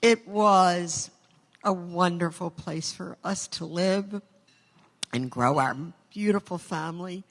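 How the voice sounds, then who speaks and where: A woman's voice: on the low side, slow. An older woman giving a chatty acceptance speech full of stories and self-deprecating asides, in a large hall. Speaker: award recipient. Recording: long hall reverb.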